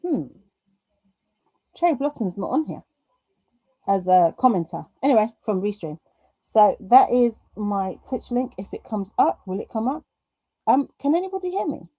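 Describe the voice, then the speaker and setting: Her pitch sits fairly high and swings widely as she talks at a moderate pace, stopping often. The tone is mellow and there's no room sound. She's a British woman running a casual live craft stream, reading the chat aloud and talking herself through tech glitches.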